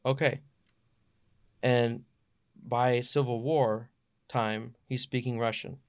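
A man co-hosting a casual podcast debate, firing questions with playful disbelief. His voice is mid-pitched and recorded very dry and close. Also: steady tone, takes it slowly, clear, resonant tone, no room sound. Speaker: podcast co-host. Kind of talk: casual panel discussion.

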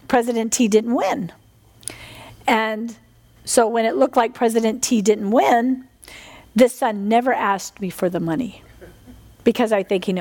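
Fervent high-voiced woman preaching. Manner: fervent, animated, asks the congregation "Amen?". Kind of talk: sermon.

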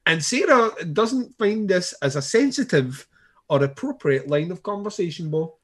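Animated man rambling through a show recap. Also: sits high, normal speed. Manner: rambling, swearing, laughing, many restarts. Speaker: podcast co-host. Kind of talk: casual chat recapping a TV show.

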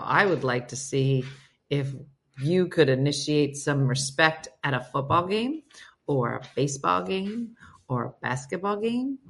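A chatty woman host, reading viewer comments aloud and spinning her own stories around them. Her voice is bright and clear, and her pitch rises and falls all over the place. She sits a little low for a woman. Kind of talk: casual live-stream chat.

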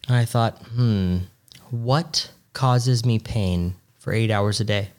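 A man's voice: on the low side, slow pace, a little mellow. A young adult man co-hosting a podcast, chatting casually with a teasing, profane humor. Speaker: podcast co-host. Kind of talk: casual chat.

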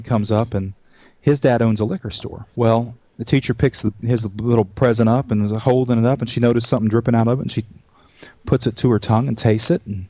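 A man hosts a cooking show in an easygoing, rambling way, dropping jokes and friendly asides as he goes. His mid-pitched voice is heard on a dull, lo-fi recording in a dry space. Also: dark tone, no echo. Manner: folksy and rambling, tells jokes, says "y'all" and "man". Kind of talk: casual cooking-show chat.

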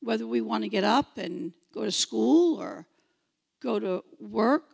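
A woman in her sixties preaching a sermon, animated, imitating beeping sounds and repeating phrases for emphasis. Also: a little high, measured pace, gravelly, slightly rough, long reverb tail. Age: 60s.

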